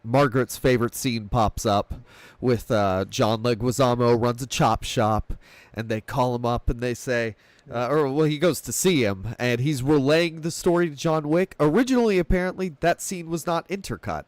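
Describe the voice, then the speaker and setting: A man's voice: mid-range voice, no room sound. A man in casual film talk, rambling through plot retellings and laughing often. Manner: rambling, laughs often, retells scenes in quick quoted voices. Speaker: film podcast host.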